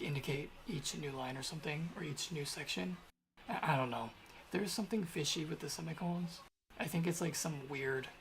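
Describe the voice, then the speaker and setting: A man's voice: on the high side, slight background noise. A young man talking to himself as he codes on a stream, rambling and grumbling in a casual way. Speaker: programmer streaming his coding. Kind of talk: casual thinking aloud while coding.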